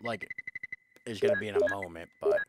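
With game music playing behind him, a deep-voiced man gives casual, rambling commentary on the game he's streaming, often correcting himself. He talks a little fast, and there's background noise on the recording.

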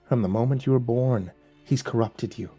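A man voicing a gentle male angel messenger, speaking softly, solemnly and slowly in a dark, husky voice. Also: mid-range voice, soft background music. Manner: soft, solemn, slow and pleading.

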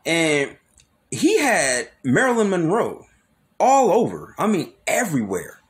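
Animated young man telling a story. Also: fairly high pitch, moderate pace. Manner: animated, repeats words, slangy asides. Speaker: YouTuber telling a personal story. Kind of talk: casual storytelling monologue.

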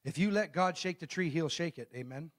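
A middle-aged male pastor delivering a sermon, his voice pitched a touch high for a man. He throws questions out to the congregation and waits for replies. When he reads scripture, he slows down and leans hard on each phrase. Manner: call-and-response preaching, asks the congregation questions; reads scripture slowly and emphatically.

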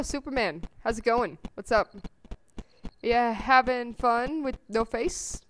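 A woman giving chatty let's-play commentary on a survival game, gasping at finds and breaking into squeaky sing-song calls. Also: slow, a little hiss or hum. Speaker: gameplay commentator.

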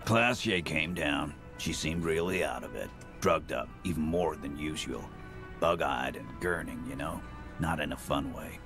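Gruff boss man, super deep gravelly voice, blunt, tired of it all. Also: measured pace, heavily acted. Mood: world-weary. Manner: firm, blunt, world-weary. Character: gruff hard-bitten male union boss, commanding. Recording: game audio with music behind. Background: music.

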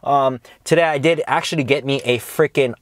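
A man's voice: mid-range voice, fairly quick, no echo, clean studio sound. A young man talking in a casual, laid-back vlog review, full of slang and swearing, calling his viewers dog and bro. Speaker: cannabis reviewer.

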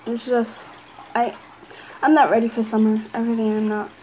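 Chatty young woman vlogging, slightly high. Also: flat delivery, normal speed, dark tone, slight background noise, low-quality recording. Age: young adult. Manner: rambling, filler-heavy storytelling. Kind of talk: casual vlog chat.

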